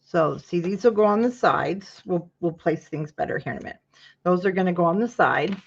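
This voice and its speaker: A woman's voice: fairly low pitch, fairly quick, creaky, husky, highs cut off. A woman hosting a casual craft tutorial, talking viewers through measuring and cutting while greeting them by name. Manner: chatty, greets viewers by name mid-task.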